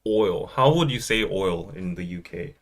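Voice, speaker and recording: A man's voice: low voice, lively intonation, unhurried. A man in his thirties hosting a podcast in casual chat, playful, laughing often and mimicking accents. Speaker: podcast host.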